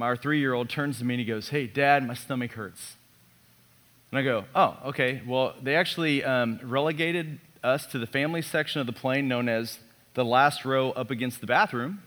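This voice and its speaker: Storytelling male pastor, animated sermon. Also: mid-range voice. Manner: storytelling, animated, self-mocking humor.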